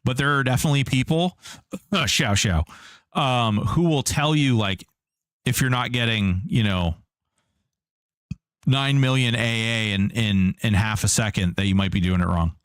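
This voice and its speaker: A man's voice: medium pitch, measured pace, clean tone, no room sound. A man live-streaming a game, talking casually and joking back at his viewers. His voice sits in an ordinary middle range for a man. The sound is dry and close to the mic. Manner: chatty, jokey, reads and answers chat.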